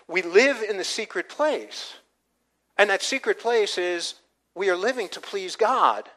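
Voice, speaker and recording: A man's voice: high-pitched, sharp tone, low-quality recording. An older man, a pastor, preaching a conversational sermon with frequent restarts and asides. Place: church.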